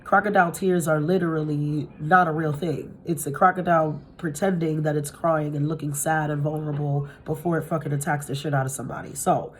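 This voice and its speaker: A woman's voice: low-pitched, fairly even intonation, a little fast, hardly any pauses, slight background noise. A woman giving a casual tarot reading to her viewers from home, talking bluntly, swearing freely and laughing often. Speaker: tarot reader. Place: at home with pets nearby.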